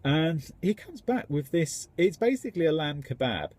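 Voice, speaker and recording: A man's voice: fairly high pitch, sing-song, normal speed, darkish tone. A man, a tradesman, rambling enthusiastically in a casual vlog. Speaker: tradesman contractor.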